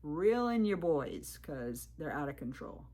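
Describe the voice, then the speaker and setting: A woman's voice: low voice, measured pace. Emphatic woman hiker telling her story. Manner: animated, retells talk with 'I'm like' quotes; earnest and emphatic, warning viewers. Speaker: thru-hiker video creator. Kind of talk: candid storytelling to camera.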